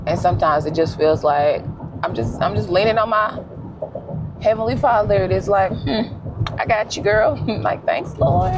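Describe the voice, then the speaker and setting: A young woman vlogging while driving, telling stories in a relaxed, slangy way. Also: lowish voice, noisy background. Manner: animated storytelling with slang and laughs. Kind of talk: casual vlog chat. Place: in a car.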